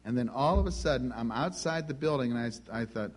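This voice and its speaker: A male preacher tells a personal story from the pulpit. He is conversational and animated, acting out each exchange in a mid-range voice. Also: mid-range voice, brisk. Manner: animated, conversational, acts out dialogue. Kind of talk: sermon storytelling.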